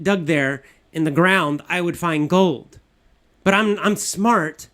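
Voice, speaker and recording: A man's voice: on the high side, fairly bright tone. A man voicing a mocking male thief leader who sneers at a boy as stupid.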